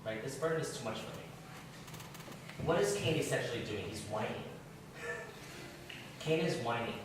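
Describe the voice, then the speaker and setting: A man teaching a Bible class. He asks the class questions in a lively, conversational way. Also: medium pitch, brisk, pauses often. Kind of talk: interactive Bible study teaching. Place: church classroom. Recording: echoey room, distant mic, background noise.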